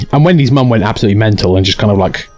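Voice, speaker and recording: A man's voice: on the low side, rapid-fire, soft background music. A young man hosting a live stream, telling a story with many restarts and acted-out quotes. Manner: animated, stammering restarts, acts out quotes. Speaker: streamer host.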